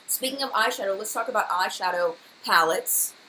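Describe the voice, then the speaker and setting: A woman in her thirties hosts a live chat and talks quickly in a loose, rambling way, full of fillers and restarts. Her voice sits at an ordinary pitch, with faint noise in the background. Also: sharp tone, poor audio. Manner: fast, chatty, rambling with many fillers. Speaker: beauty channel host. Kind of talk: live-stream chat answering viewers.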